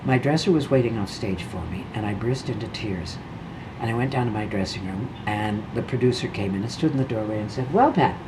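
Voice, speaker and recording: An older actress in her eighties tells a stage story with a low, grounded voice. She acts out the people in it as she goes. A faint hiss of room noise sits underneath. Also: fairly quick. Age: 80s. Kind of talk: candid storytelling interview.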